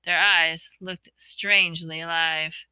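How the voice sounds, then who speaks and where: Bright, crisp woman reading a storybook. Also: on the low side, fairly even intonation, takes it slowly, dry recording. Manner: reads expressively, voicing characters' shouts and whispers. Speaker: audiobook reader.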